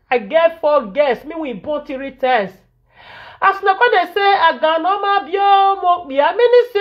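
A woman's voice: extremely high pitch, lively intonation, unhurried. A Nigerian woman vlogger, venting in Pidgin English and scolding repetitively in an indignant tone. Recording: dull lo-fi audio.

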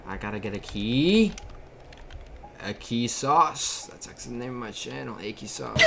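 A man's voice: medium pitch, sing-song, quick pace, vocal fry, background noise. A man hosting his own gaming channel, giving casual let's-play commentary and joking back at the game's characters. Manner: jokey, talks back to game characters. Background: game music.

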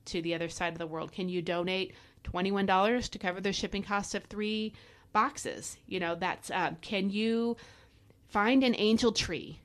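A woman's voice: mid-range voice, moderate pace. A woman hosting a devotional podcast, preaching fervently and urging listeners to act, with folksy asides and repeated emphasis. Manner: fervent, exhorting, direct address to listeners. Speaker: podcast host and Bible teacher.

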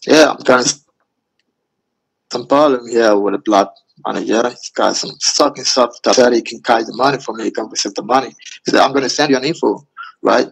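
A man's voice: mid-range voice, fairly quick, gravelly, slightly rough, poor audio. A man on a voice chat, pleading and sweet-talking in broken English, calling her baby over and over. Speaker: scammer. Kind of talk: romance-scam voice chat.

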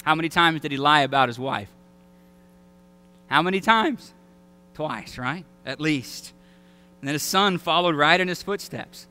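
A male pastor from Alabama with a Southern American accent delivers an animated sermon in a church sanctuary, often acting out quoted voices and shouting. His high voice is strikingly bright and smooth, a little slow with frequent pauses, and the sound is close and dry.

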